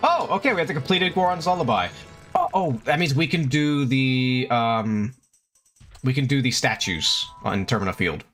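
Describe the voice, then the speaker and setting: Young male streamer, animated pitch, cusses casually, faint game music underneath. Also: normal speed. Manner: chatty, swears freely, talks to chat and the game. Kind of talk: casual gameplay commentary.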